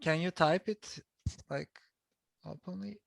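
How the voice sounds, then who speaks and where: A man with a Turkish accent moderating a webinar on a video call, relaxed and reading out audience answers. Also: a little high, slow pace, gravelly, no room sound. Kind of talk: casual discussion.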